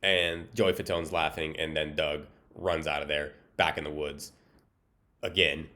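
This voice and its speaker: A man with a very deep voice retells a movie plot in a loose, joking way. He rambles along in a deadpan tone and leans on plenty of "um"s and "like"s. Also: measured pace. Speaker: movie recap host. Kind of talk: casual comedic film recap.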